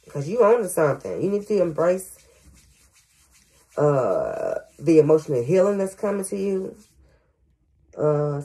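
A woman's voice: sits low, dark tone. A grandmother working as a psychic medium, giving a casual reading to viewers with frequent stutters, fillers and "y'all". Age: older.

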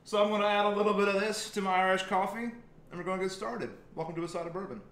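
A man with an American accent and a bright, forceful, slightly high voice chats loosely while he cooks, cracking jokes and cursing. The sound bounces around a roomy home kitchen with a faint hum of ambience behind him. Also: rapid-fire. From United States. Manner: joking, rambling, swears freely. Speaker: cooking stream host. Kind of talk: casual live-stream chat while cooking.

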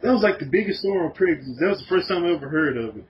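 A man's voice: high-pitched, racing. A man telling profane stories in a casual podcast chat. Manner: animated, laughing, profane storytelling. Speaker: podcast guest. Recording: dull lo-fi podcast audio with faint noise.

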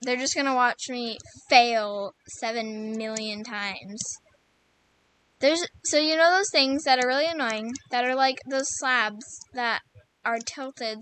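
A woman's voice: fairly high pitch, sharp tone, a little hiss or hum. A woman chatting casually while playing a game, chatty and self-mocking. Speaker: gamer. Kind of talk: casual gameplay chat.

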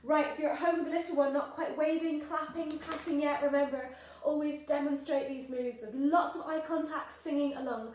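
A woman leading a children's music class, speaking and singing rhymes brightly for little ones. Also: high voice, fairly even intonation, brisk, hardly any pauses. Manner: cheery, sings and chants rhymes for little ones. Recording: echoey room with guitar.

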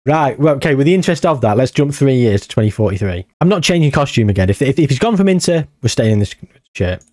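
A young man giving casual, excitable commentary on a football management game, swinging from musing to amazed outbursts. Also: medium pitch, fast, no echo, studio quality. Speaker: gaming YouTuber.

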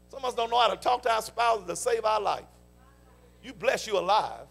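A man, a pastor preaching a sermon in church, calling out questions for the congregation to answer and rising into shouts. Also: high-pitched, animated, brisk. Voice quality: gravelly. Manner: call-and-response preaching, shouting peaks. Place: church sanctuary.

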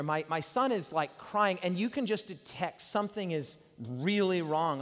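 A man in his forties preaching a sermon and telling a personal story, swinging from loud bursts to hushed tones. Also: high voice, animated, normal speed, hardly any pauses. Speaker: pastor. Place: large hall. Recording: hall reverb from live sermon.

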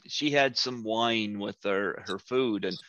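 A man's voice: on the low side, slow pace, fairly bright tone, no room sound, lo-fi sound. A man hosting an interview show, telling a casual story that keeps losing its thread, with easy laughter. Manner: rambling, loses his thread and laughs easily. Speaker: podcast host.

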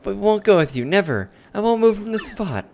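A man's voice: high-pitched, very animated, fairly quick, gravelly, darkish tone, slight background noise, full character voice. A man voicing a lovestruck, melodramatic young female tree-creature who pleads and swoons. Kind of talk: reading game dialogue in character.

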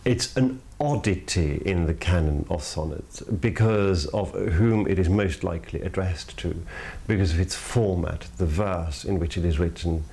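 Earnest man with a lowish voice. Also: gravelly, warm tone. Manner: earnest, emphatic, with sudden rises in pitch on key words; speaks in measured phrases, repeating points for emphasis. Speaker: podcast host. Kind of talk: reflective spoken commentary on poetry.

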